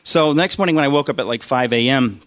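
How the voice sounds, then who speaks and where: A man's voice: mid-range voice, fast, fairly bright tone. A man tells a personal story in a loose, conversational way, circling back with restarts and little self-mocking asides. His voice sits in an ordinary middle register. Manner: rambling, self-deprecating, with frequent restarts. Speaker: speaker telling a personal faith story. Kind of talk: casual storytelling.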